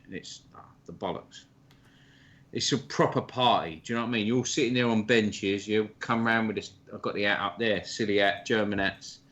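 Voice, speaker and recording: A man's voice: medium pitch, sharp tone, dull audio. A man chatting casually on a livestream, swearing freely in blokey banter. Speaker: stream co-host. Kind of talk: casual chat.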